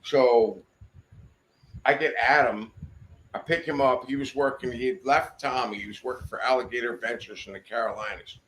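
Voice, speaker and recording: A man's voice: medium pitch, steady tone, moderate pace, a bit bright, slight background noise. A man in a podcast studio telling a rambling, profane anecdote with lots of quoted dialogue. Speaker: podcast guest. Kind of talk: casual storytelling. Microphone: studio podcast mic.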